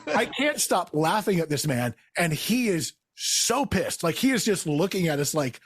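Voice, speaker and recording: A man with a somewhat high, husky voice spins a comic story in casual chat. His pitch leaps around as he acts out the quotes, and he laughs along. The sound is dry and close. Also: moderate pace, no echo. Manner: animated, acts out quotes in raised voices, laughs while telling. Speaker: guest storyteller.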